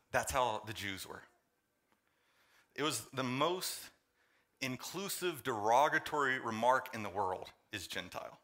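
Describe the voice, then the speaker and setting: A male pastor preaching a sermon, joking with the congregation and swinging between loud emphasis and quiet intensity. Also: mid-range voice.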